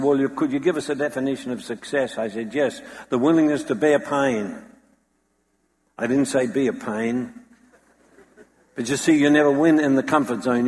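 Dramatic preacher in an echoing hall. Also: male voice, mid-range voice. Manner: dramatic storytelling, acts out quoted voices. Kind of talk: sermon. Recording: long hall reverb.

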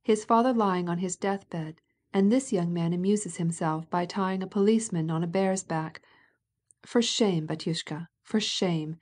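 A woman voicing a blunt, domineering fifty-year-old society matron in an audiobook, speaking gruffly and bossily. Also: on the low side, a little slow, a little mellow. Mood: scolding. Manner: gruff, scolding and bossy.

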